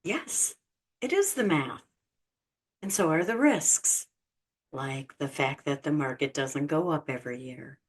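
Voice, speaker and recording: A woman hosting a reaction commentary, exasperated and sarcastic, swinging between loud outbursts and quiet remarks. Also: low voice, lively intonation, unhurried. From United States. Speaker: channel host reacting to clips.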